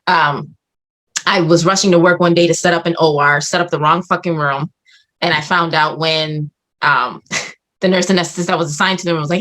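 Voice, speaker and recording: A woman in her forties telling a personal story candidly, swearing freely and acting out her own reactions. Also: deep voice. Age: 40s. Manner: profane, animated, acts out her own reactions. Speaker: podcast guest.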